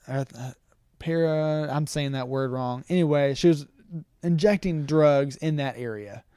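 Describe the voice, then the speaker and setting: Young man with a smooth, clear voice. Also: fairly high pitch, mellow, no room sound, clean studio sound. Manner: retells story with filler "um"s and quoted lines. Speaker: podcast co-host retelling a story. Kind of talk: casual chat, storytelling.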